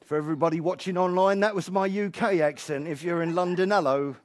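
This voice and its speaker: A male pastor preaching a sermon in a church, swinging between loud emphatic lines and quiet, joking asides. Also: quick pace. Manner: swings from loud shouting to hushed low asides, jokey and emphatic.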